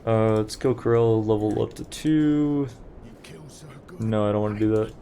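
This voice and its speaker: Low-voiced young man streaming a game. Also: a little slow, dark tone. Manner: chatty, rambling, talks to chat while playing. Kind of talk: casual gameplay commentary.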